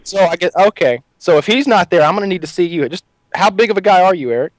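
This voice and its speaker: A man's voice: high voice, expressive, fast talker, no room sound, voice pushed up. A man playing an angry redneck father on a prank phone call, making folksy threats. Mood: threatening. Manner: blustering threats, folksy drawl.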